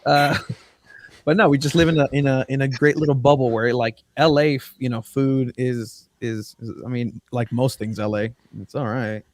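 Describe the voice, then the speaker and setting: A man's voice: mid-range voice, fairly even intonation, normal speed, dry recording. A man from San Diego co-hosting a casual podcast, riffing and joking. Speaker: podcast co-host. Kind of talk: casual chat.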